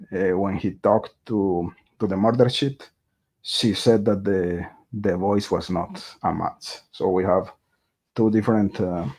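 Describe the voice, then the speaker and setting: A man hosting a true crime livestream, talking slowly and unhurriedly in a lowish, mellow voice. His speech is hesitant, full of fillers and restarts, as he thinks aloud and chats with viewers. The tone stays casual and conversational throughout. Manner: reads viewer chat aloud and greets viewers.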